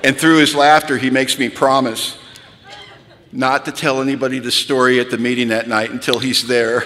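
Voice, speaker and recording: Man, self-deprecating storyteller at a retreat talk, bright voice, hall reverb. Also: moderate pace, a little hiss or hum. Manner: animated, self-mocking, builds to high-pitched punchlines. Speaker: speaker sharing recovery story. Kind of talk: storytelling talk to a live audience.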